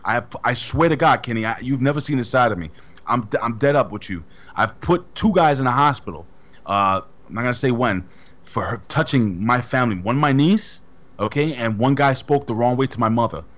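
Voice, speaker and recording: A man's voice: medium pitch, expressive, a little fast, a bit bright. Man, podcast co-host, blunt and emphatic, rambles, lo-fi dull sound. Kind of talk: casual chat.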